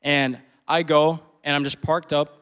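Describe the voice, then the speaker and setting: A man's voice: on the high side, little pitch movement, measured pace, a bit bright, smooth. A man in his twenties telling a personal story during a sermon, casual and full of slang, laughing often. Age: 20s. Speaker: preacher.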